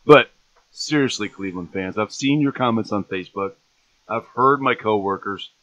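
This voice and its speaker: A man's voice: lowish voice, moderate pace, a bit bright, poor audio. A man hosting a live sports talk stream, ranting and mocking in an exasperated way. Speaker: sports show host.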